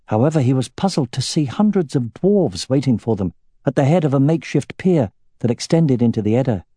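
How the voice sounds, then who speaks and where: A man reading a fantasy novel aloud as the narrator, with a steady, even storytelling delivery. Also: medium pitch, no echo, studio quality. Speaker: audiobook narrator.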